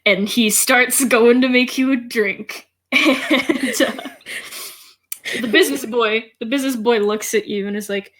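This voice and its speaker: A woman's voice: a little high, a little slow, fairly bright tone. A woman narrating as game master in a playful, giggly way.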